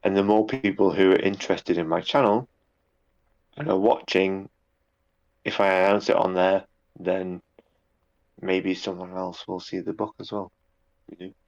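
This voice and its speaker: A man's voice: sits low, steady tone, normal speed, long pauses, a little mellow, lo-fi sound. A man chatting casually in an interview, rambling a little with repeated words and fillers. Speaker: guest, YouTube narrator.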